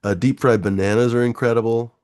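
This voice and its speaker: A man's voice: medium pitch, fairly even intonation, a little fast, a little mellow, clean tone. A man hosting a casual late-night stream chat, rambling with many fillers and restarts. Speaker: livestream host.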